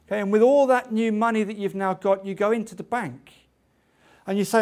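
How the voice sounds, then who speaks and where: A man's voice: sits high, steady tone, fairly quick, darkish tone. A man preaching a sermon, asking rhetorical questions and building to emphatic peaks.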